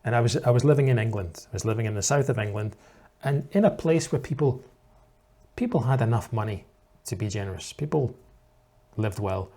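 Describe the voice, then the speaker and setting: A man's voice: mid-range voice, fairly quick, dark tone. A man in the role of an English teacher, giving reaction commentary for learners in a patient, explanatory way.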